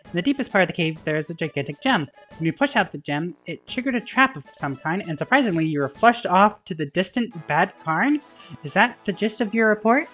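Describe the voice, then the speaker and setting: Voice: medium pitch, lively intonation, a little fast, a bit bright. A streamer reading as a pompous guild leader. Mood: questioning. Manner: emphatic, formal storybook phrasing. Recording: slightly dull, game music under.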